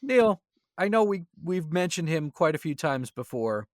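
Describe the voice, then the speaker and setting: A man co-hosting a casual podcast, his pitch lively and a little high. He makes wry, sarcastic asides, recorded close and dry. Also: moderate pace, no echo. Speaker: podcast co-host. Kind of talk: casual chat.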